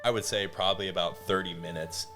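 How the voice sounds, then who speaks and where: Low-voiced man narrating a tabletop game. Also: fairly even intonation, quick pace, sharp tone, faint music behind. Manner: rambling, many fillers. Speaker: dungeon master.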